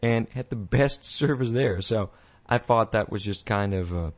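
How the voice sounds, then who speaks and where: A man's voice: fairly low pitch, normal speed. A man hosting a show, talking in a rambling casual monologue with many restarts and mocking little voices. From United States. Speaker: podcast host.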